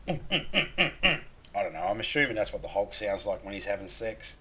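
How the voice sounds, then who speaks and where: A man's voice: on the low side, very animated, measured pace, bright, forceful tone, slightly rough, low-quality recording. Crude, joking man streaming. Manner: crude joking, playful, breaks into voices and laughter. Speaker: game streamer host. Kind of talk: casual live-stream chat.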